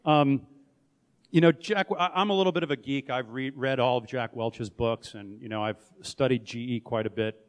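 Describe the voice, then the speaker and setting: Speaking in a clear, resonant mid-range voice at normal speed, a middle-aged founder and CEO delivers a frank, conversational talk at a conference, frequently starting over mid-thought. The hall gives the recording a long reverb.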